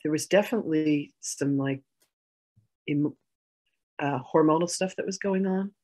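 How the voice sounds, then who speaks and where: Animated woman reliving a childhood argument. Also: deep voice, measured pace, poor audio. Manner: animated, re-enacts arguments, laughs. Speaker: healing session participant. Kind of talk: personal storytelling in a session.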